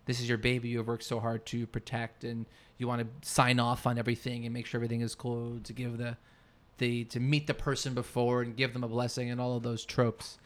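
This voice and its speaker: A man's voice: medium pitch, monotone, a little fast. A man co-hosting a podcast in casual chat, rambling and searching for his words mid-sentence. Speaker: podcast co-host.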